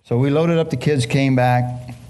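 A middle-aged man preaching a testimony to a congregation, impassioned and halting, with many restarts and questions thrown to the listeners. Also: mid-range voice, fairly even intonation, warm tone, a little hiss or hum. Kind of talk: emotional sermon testimony.

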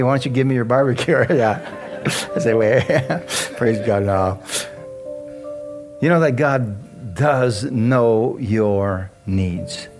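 A man preaching a casual sermon, telling a personal story with frequent laughs and lively asides. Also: medium pitch. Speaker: pastor.

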